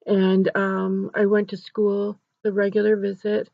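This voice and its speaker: A woman's voice: medium pitch, monotone, measured pace, creaky, no room sound. A woman counselor earnestly telling a story about helping a grieving child, in an instructional video. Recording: dull, dry recording.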